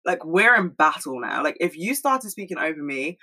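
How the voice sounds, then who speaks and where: A young woman talking fast and rambling in a casual monologue at home, swearing freely. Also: deep voice, sing-song, pushed and bright, husky, poor audio. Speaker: solo podcast host.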